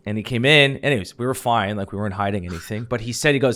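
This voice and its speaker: A man's voice: lowish voice, very fast, hardly any pauses. A man from Canada hosting a podcast, chatting casually, asking short questions and telling his own story. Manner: relaxed, laughs along, asks short questions. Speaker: podcast host. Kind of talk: casual chat.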